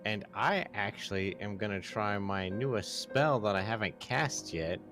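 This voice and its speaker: A man's voice: on the low side, moderate pace, over music. A man playing in a tabletop game who talks in an easygoing, chatty way. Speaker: player. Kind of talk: casual tabletop play.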